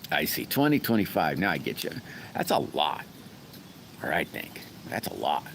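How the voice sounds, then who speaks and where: Deep-voiced folksy man chatting on a live stream. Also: sing-song, moderate pace, gravelly, sharp tone, slight background noise. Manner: rambling and folksy, greeting viewers by name. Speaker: livestream host. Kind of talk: casual live-stream chat with viewers.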